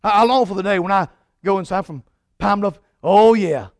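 High-voiced preacher, dry close sound. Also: male voice, a little fast, no room sound. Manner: emphatic preaching, swinging from loud to hushed. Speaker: pastor. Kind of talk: sermon.

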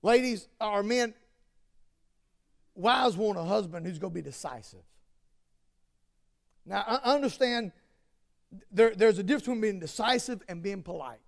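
A male pastor preaching a sermon, dropping to quiet asides and then rising to loud, shouted exhortation. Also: high-pitched, animated, moderate pace, creaky, pauses often.

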